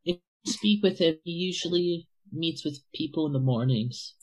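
A man's voice: a little high, poor audio. Man running a tabletop game. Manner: halting, many restarts and fillers. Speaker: game master.

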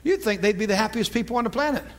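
Animated, high-voiced male preacher. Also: rapid-fire. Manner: animated, laughing often, folksy. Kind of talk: sermon.

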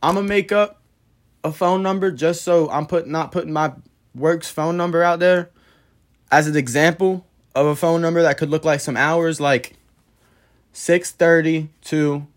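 A man with a slightly high voice talks on his podcast in a casual storytelling monologue. He is blunt and profane and keeps the retelling heated. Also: fairly even intonation, unhurried. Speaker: podcast host.

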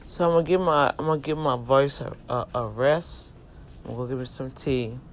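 A man's voice: mid-range voice, fairly even intonation, a little fast. A man in a casual, sermon-like rant to his viewers, emphatic and folksy, urging them toward God. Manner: talks directly to viewers, folksy. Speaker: vlogger and self-publisher. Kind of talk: casual preachy rant to camera.

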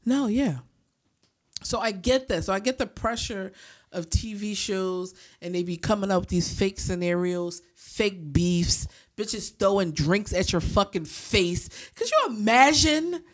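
A woman with a voice who chats casually and tells her stories in an animated way. She swears freely and drops into quick impressions of the people she's talking about. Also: mid-range voice. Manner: animated storytelling, heavy swearing, acts out quoted voices. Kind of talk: casual chat.

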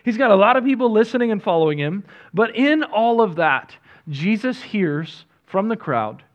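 Pastor guy preaching, chatty and pokes fun at himself, kinda high voice. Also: moderate pace, highs cut off. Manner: conversational and self-deprecating, shifts from quiet to energetic. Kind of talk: sermon.

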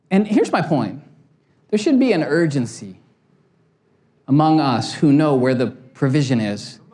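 A middle-aged male pastor delivers a sermon through an animated personal story. He acts out each quote and laughs at himself as he goes, moving from light humor to earnest urging. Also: a little high.

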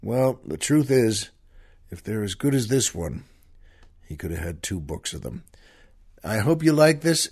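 Slow, folksy male show host. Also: medium pitch, expressive, darkish tone, slightly rough. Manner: chatty, addresses listeners as folks. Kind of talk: folksy show talk and poetry reading.

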